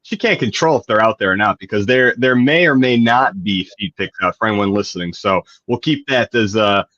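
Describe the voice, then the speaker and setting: A man's voice: fairly low pitch, a little fast, fairly bright tone, dry recording. A man co-hosting a live stream, teasing in a rambling, hesitant way. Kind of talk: casual live-stream chat. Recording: dull dry mic.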